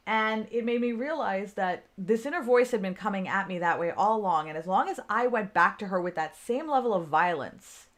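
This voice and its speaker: A woman telling a personal story in a casual, conversational way, often checking in with her listeners. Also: medium pitch. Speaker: speaker on self-care.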